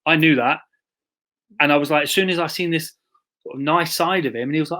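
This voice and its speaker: A man co-hosting a podcast, telling a self-mocking anecdote in a relaxed, chatty way. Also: a little high, quick pace, long pauses. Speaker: podcast co-host. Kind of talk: casual conversation.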